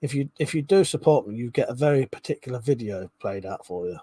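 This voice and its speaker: A livestream host reads viewers' comments aloud in casual chat, chuckling and swearing freely. His mid-range voice is warm yet husky, animated and fast, and the recording has no room sound.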